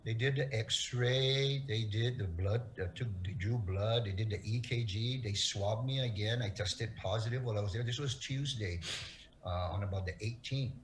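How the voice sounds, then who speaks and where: A middle-aged man from Guam, an interview guest telling his story in an earnest, halting way that repeats words. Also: on the low side, low-quality recording. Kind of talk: emotional interview testimony.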